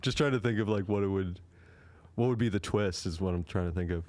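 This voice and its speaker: A man's voice: deep voice, brisk, a little mellow. A man co-hosting a comedy podcast, riffing in casual chat and slipping into joking put-on voices. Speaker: podcast co-host.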